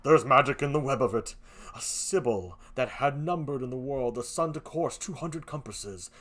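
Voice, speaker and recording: Amateur Shakespeare reading: a man playing a jealous, demanding general, insistent, lively pitch. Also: normal speed. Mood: agitated. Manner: insistent, loud outbursts.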